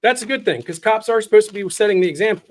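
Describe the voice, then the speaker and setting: A man's voice: sits high, rapid-fire. A man hosting a live interview show, chiming in with short, casual remarks. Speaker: host. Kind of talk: casual chat.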